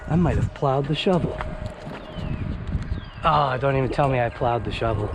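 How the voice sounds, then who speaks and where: A man's voice: mid-range voice, normal speed. A man vlogging casually outdoors in a snowy driveway, talking to himself and laughing often. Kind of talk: casual self-talk vlog. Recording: loud outdoor wind and vehicle noise.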